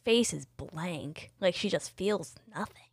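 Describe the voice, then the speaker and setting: A woman's voice: on the low side, animated, a little slow, creaky, husky, no room sound, clean studio sound. A woman co-hosting a casual film chat, blunt and opinionated with playful exaggeration.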